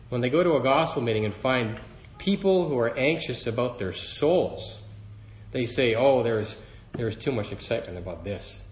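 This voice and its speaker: A man's voice: medium pitch, reverberant, dull audio. A man preaching a sermon to a congregation, earnest and building emphasis as he quotes scripture. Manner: earnest, rising in emphasis when quoting scripture.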